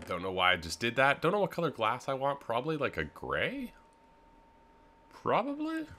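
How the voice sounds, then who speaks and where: A man's voice: sits low, bright, forceful tone, slight background noise. A young man, rambling easily through casual game commentary with lots of filler words. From Canada. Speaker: gaming video host.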